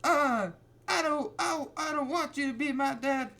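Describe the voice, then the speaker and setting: A man putting on a high, whiny voice with a Boston accent to play a sulky teenage boy. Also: a little slow, pushed and bright, heavily acted.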